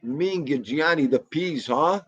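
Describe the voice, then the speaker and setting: A man hosting a casual livestream, loud and excitable, chatting straight to his viewers. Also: on the high side, measured pace, slightly rough, no echo, lo-fi sound. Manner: loud, excitable, talks to chat. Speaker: livestream host.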